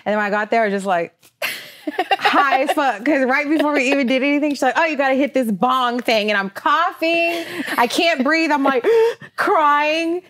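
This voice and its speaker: A woman's voice: high-pitched, normal speed, fairly bright tone, no echo. A woman hosting her podcast in a casual chat, blunt and chatty, swearing freely as she talks. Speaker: podcast host.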